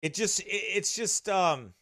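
A man's voice: high-pitched, animated, measured pace, a bit bright, no room sound, studio quality. A man preaching a fiery sermon as pastor, with mocking, sarcastic asides.

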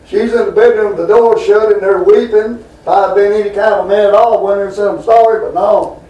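Folksy preacher with a high voice. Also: male voice, steady tone, fairly quick, warm tone, recorded from a distance, dull audio. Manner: folksy and rambling, with asides to the congregation. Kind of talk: folksy storytelling sermon. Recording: roomy hall, voice from off mic.

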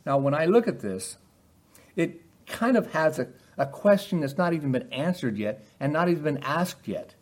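A man preaching a sermon, posing rhetorical questions and acting out quoted lines with animated emphasis. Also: fairly high pitch, normal speed.

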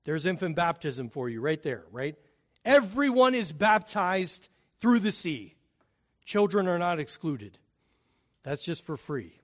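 A man preaching a sermon, emphatic, swelling loud on key phrases and dropping low and quiet between them. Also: sing-song, measured pace.

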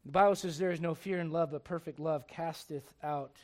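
A man in his forties preaching a sermon. He moves from loud urging to quiet confiding. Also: fairly high pitch, steady tone, a little fast. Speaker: pastor.

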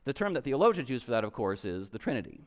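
A man's voice: medium pitch, big pitch swings, quick pace. A man teaching a theology lesson, explaining earnestly and often restarting to repeat a point for emphasis. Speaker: teacher of the Creed.

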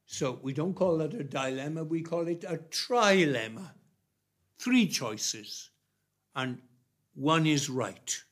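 A man preaching a sermon, emphatic and repetitive, with long pauses between phrases. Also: a little high, animated, fairly bright tone.

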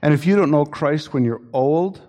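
A man's voice: on the high side, moderate pace, dark tone. A male pastor preaching a sermon with an earnest, warning manner, often restarting his sentences. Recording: long hall reverb.

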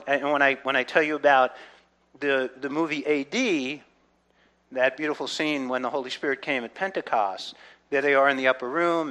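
Man, fairly high voice, earnest conversational Bible teacher, shifts from hushed to loud and excited. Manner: earnest, often checks in with "right?"; swings between soft reflective and loud excited delivery.

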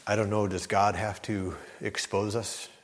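This sermon comes from a man with a lowish, level voice at a measured pace, who addresses the congregation directly. His emphatic preaching builds and swells toward near-shouts, all echoing with long hall reverb.

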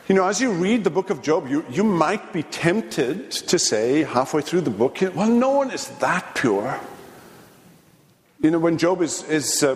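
A man preaching a midweek theology lecture in an earnest, halting way, full of fillers and restarts. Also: on the high side. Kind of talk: sermon lecture. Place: church sanctuary. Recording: long reverb of a large church.

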